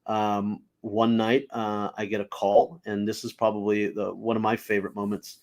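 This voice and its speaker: A young adult man, a stand-up comedian guest, telling casual anecdotes in an animated way, full of fillers and acted-out quotes. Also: on the low side, moderate pace. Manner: animated, filler-heavy, acts out quoted voices.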